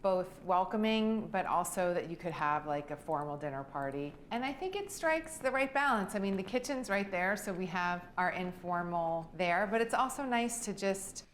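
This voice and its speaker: Low-voiced woman gushing over her home. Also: normal speed, few pauses, a little hiss or hum. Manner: gushing, relaxed, with fillers. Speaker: homeowner giving a house tour. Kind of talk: video house tour narration.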